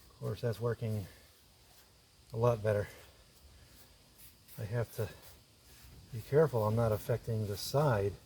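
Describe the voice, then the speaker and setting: Working in the woodshop, a man explains every step aloud in a relaxed running commentary, as a woodworker who hosts videos. His voice sits on the low side and sounds warm, with fairly even intonation, a slightly slow pace and frequent pauses. A little hiss or hum can be heard.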